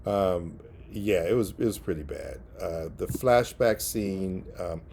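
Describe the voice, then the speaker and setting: A man giving a casual spoken movie review, relaxed and halting, with many fillers and restarts. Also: low-pitched, gravelly, a little hiss or hum.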